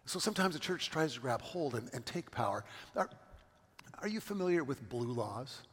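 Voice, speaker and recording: A man's voice: mid-range voice, animated, normal speed, breathy edge, in a large hall. A middle-aged man from California, a pastor giving a sermon and telling stories with asides to the congregation.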